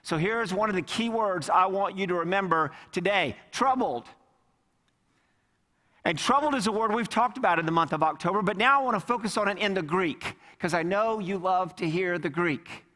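A male pastor with a fairly high voice delivers an emphatic sermon, leaning on repeated words and direct questions to the congregation. His voice rings out with a long reverb in a church sanctuary. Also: normal speed, sharp tone. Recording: long reverb of a large hall.

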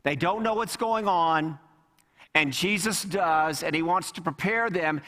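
A male pastor with a fairly high voice delivers an emphatic sermon, leaning on repeated words and direct questions to the congregation. His voice rings out with a long reverb in a church sanctuary. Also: a little slow, sharp tone. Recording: long reverb of a large hall.

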